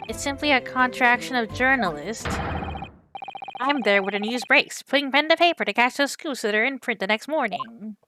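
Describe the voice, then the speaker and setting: A woman's voice: a little high, normal speed, close to an everyday voice. A woman voicing a showy, boastful male reporter hungry for scoops, read over game music.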